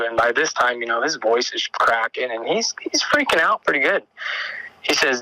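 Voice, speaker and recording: This caller, a man of medium pitch, recounts an encounter he had, heard on poor audio with no echo. He rambles and halts, restarting sentences and dropping in fillers, then turns more urgent and excited as his story unfolds.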